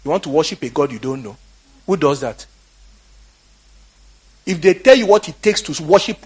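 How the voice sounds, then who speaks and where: A Nigerian man preaching a fiery, exhorting sermon that swings from quiet talk to shouting. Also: fairly high pitch, animated, normal speed, long pauses, husky. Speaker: pastor.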